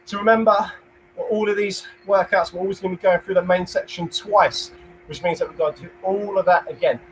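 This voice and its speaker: A man's voice: high-pitched, steady tone, fairly quick, a little hiss or hum, poor audio. A young man with a London accent leading a live home workout class, counting down reps, cheering people on and cracking small jokes. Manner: upbeat, counts reps, jokey asides, cheers viewers on. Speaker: fitness instructor.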